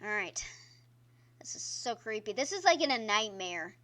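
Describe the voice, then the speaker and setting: A woman's voice: medium pitch, very animated, moderate pace, pushed and bright. A woman streamer giving casual gameplay commentary, chatty and exclaiming at the game while talking to her viewers. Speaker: gaming streamer. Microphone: own microphone.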